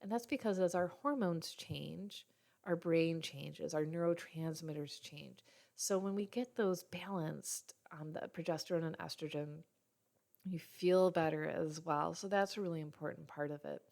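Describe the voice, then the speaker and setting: A woman's voice: deep voice, a little slow, vocal fry, darkish tone. A woman in her thirties who works as a health practitioner, explaining nutrition and brain health in a casual teaching talk, with small slips and self-corrections.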